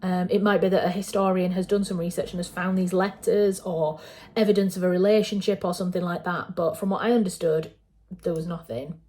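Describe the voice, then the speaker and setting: A woman's voice: fairly low pitch, steady tone, fairly quick, mellow. A woman with a Yorkshire accent reacting to a film trailer in casual commentary. She is chatty and digressive, with frequent fillers and self-corrections. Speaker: writer and channel host.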